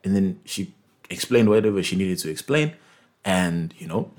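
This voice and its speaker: A man's voice: deep voice, expressive, normal speed, a little mellow. A young Zimbabwean man whose first language is Ndebele, telling a story in casual chat and acting out both sides of a phone call.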